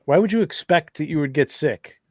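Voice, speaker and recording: A man's voice: on the high side, expressive, brisk, darkish tone, no echo. A man co-hosting a casual chat, mumbling and self-deprecating, often trailing off. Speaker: regular co-host.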